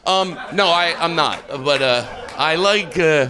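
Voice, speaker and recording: A man's voice: a little high, takes it slowly, music in the background. A man with a Philadelphia accent doing improvised stand-up on a club stage, rambling in a mock-earnest way and cutting himself off mid-thought. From Philadelphia, USA. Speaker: stand-up comedian.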